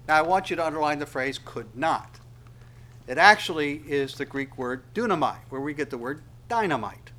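A man preaching an expository sermon, walking listeners through a text word by word and building to loud, emphatic peaks. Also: fairly high pitch, expressive, moderate pace. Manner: explains word by word, asks listeners to underline.

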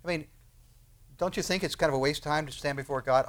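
A man preaching a sermon in a conversational, animated way, acting out prayers and asking rhetorical questions. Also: on the high side, fast talker. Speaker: pastor.

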